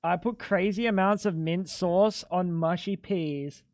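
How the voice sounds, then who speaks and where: A man's voice: sits high, unhurried, no room sound, clean studio sound. A young adult man streaming a game live, joking and chatting playfully with his viewers. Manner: joking, playful, talks to chat. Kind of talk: casual live-stream chat while gaming.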